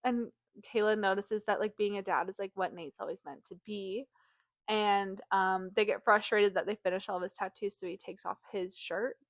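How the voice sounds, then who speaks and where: A woman's voice: mid-range voice, normal speed, no room sound. A woman co-hosting a book podcast, retelling a plot in a chatty way with lots of fillers. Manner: chatty, heavy use of "like", animated when acting out quotes. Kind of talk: casual chat, retelling a plot.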